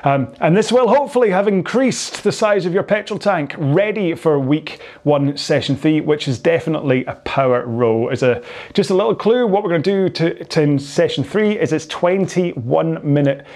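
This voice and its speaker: A man's voice: on the high side, expressive, normal speed, a little mellow. Chatty Scottish man coaching rowing. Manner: rambling, chatty, laughs easily. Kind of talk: casual coaching chat after a workout.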